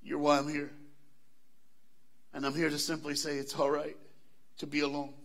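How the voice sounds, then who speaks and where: A man's voice: on the high side, moderate pace. A man from the American South with a Southern accent, giving a live motivational speech to students at a school assembly and calling out questions to the crowd. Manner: animated, engages the crowd with call-outs and questions. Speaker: motivational speaker.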